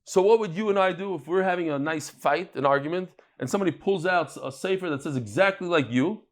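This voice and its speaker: Man teaching Talmud, high voice, lively, joking. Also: quick pace. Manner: lively, joking, acts out quotes. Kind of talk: daily Talmud class.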